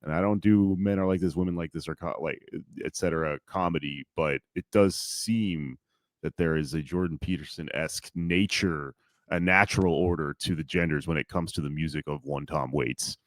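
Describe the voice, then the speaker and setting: Deep-voiced wry podcast man. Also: moderate pace, dry recording, studio quality. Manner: wry, self-deprecating, swings into loud bursts. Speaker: podcast co-host. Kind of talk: casual chat.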